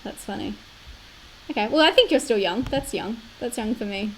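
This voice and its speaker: A woman's voice: on the high side, animated, normal speed, slight background noise, rough recording. A woman in her late twenties with an Australian accent, chatting casually on a live stream, laughing often and filling with "like". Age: 20s. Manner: chatty, laughs often, many likes and fillers.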